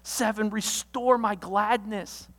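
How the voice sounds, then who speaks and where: A pastor giving a sermon, walking through a numbered list of alliterative points with energetic delivery and sudden loud outbursts. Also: medium pitch, slow, big-room sound. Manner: lists points with alliterative words.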